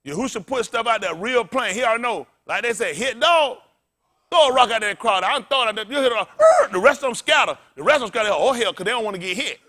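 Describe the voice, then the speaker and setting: High-voiced animated preacher man. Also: fast talker, few pauses. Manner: loud call-and-response preaching, blunt and profane; animated, often laughing. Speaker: pastor. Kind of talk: sermon.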